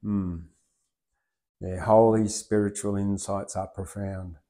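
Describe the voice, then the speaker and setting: An Australian man hosting a poetry open mic, who chats loosely with many fillers and then reads rhyming verse loudly and rhythmically. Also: on the low side, level tone, slow. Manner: loose and rambling, with many fillers, swinging into loud rhythmic recitation. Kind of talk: reciting rhyming poetry and rambling chat.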